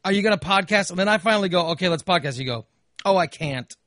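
A man hosting a podcast, exhausted and telling a casual story in an animated way, swearing and acting out what he said. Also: sits high, quick pace, dry recording. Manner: animated, swears, acts out his own quotes. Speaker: podcast host.

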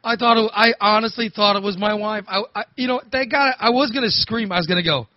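A man's voice: sits high, quick pace, dry recording. A man telling a rambling, repetitive story in casual chat, laughing often. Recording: dull lo-fi recording.

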